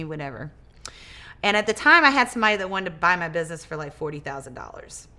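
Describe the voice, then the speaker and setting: Bright, animated woman telling a story. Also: medium pitch, clean tone. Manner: animated, acts out quoted dialogue; repeats and restarts words. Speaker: interview guest, business owner. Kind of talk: casual storytelling interview.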